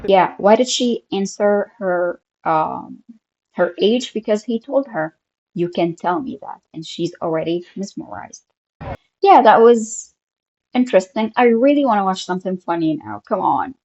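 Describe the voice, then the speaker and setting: A woman's voice: mid-range voice, big pitch swings, unhurried, darkish tone. Woman reacting to hypnosis vids, chatty, laughs a lot, kinda dull sound. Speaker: hypnosis coach reacting to videos. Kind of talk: reaction commentary.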